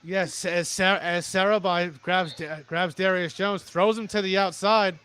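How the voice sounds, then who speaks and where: A young man calls a wrestling match play by play, tripping over his words and restarting as he rushes ahead. His voice sits high for a man and rings bright and sharp. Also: steady tone, clean tone. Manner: rapid, stumbling restarts, plugs sponsors. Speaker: play-by-play commentator. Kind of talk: excited wrestling commentary.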